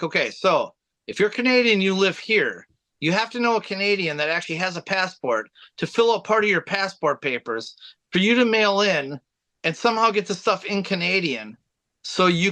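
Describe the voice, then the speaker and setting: Bright high-pitched man telling road stories. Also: lively intonation, normal speed, dry recording. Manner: rambling, laughs while telling road stories. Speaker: band vocalist, guest. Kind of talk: casual storytelling.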